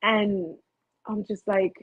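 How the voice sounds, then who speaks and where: A woman's voice: medium pitch, fairly even intonation, takes it slowly, husky, no room sound. A middle-aged woman hosting a rambling live motivational talk, chatty and prone to tangents, telling stories animatedly into her computer webcam at home. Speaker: motivational host. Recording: tinny phone-like dry audio.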